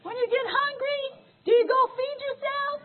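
An older woman preaches with fervent, tearful emotion, her voice very high and often crying out. The recording is thin and tinny, as if heard over a phone line. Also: normal speed, slight background noise. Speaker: minister. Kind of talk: sermon.

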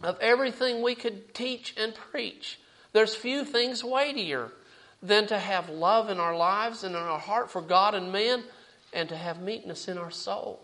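High-voiced man preaching a sermon. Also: unhurried, bright, forceful tone, poor audio. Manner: preaching with scripture quotes and rising emphasis.

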